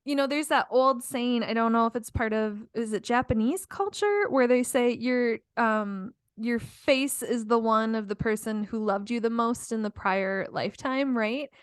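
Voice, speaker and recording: Middle-aged woman cohost, highish voice, chatty, lots of likes and laughs, dry close sound. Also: moderate pace, hardly any pauses, clear, resonant tone, no echo. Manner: chatty, laughs often, many fillers. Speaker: podcast co-host. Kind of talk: casual chat.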